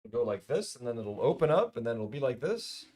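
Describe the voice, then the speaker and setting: A man's voice: medium pitch, big pitch swings, a little fast, darkish tone, slight background noise. A man streaming live, chatting casually and thinking aloud, with plenty of swearing.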